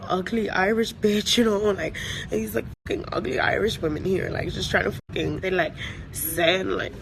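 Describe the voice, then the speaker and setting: An upset woman records an angry rant at an airport, cursing and stumbling over fillers as she tries to calm herself. Her voice sits at an ordinary middle pitch. Loud airport and vehicle noise runs under the phone recording. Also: normal speed, vocal fry. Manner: agitated, profane, full of "like" fillers. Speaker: vlogger venting after a flight.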